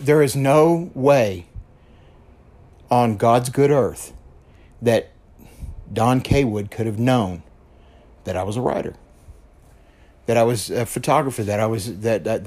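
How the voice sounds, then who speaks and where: A man's voice: mid-range voice, a little mellow. A man hosting his own podcast, telling a personal story in an earnest, repetitive way and often checking in with the listener. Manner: earnest, repeats himself, checks in with "okay?". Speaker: podcast host. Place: lives in West Texas.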